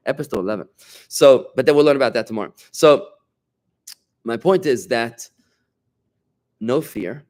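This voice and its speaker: A middle-aged rabbi leads an informal Torah class with a man's mid-range voice. He talks animatedly and conversationally, leaning hard on key phrases and tossing quick remarks to his students. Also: medium pitch. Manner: animated, emphatic, conversational, bantering with listeners.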